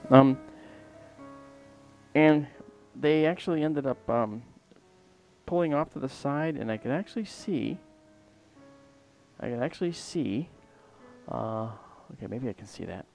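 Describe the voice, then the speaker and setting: Gravelly-voiced man telling a rambling story. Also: medium pitch, animated, unhurried, pauses often, darkish tone, soft background music. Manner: rambling and anecdotal, often trailing off mid-sentence. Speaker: livestream host. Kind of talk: casual spoken storytelling.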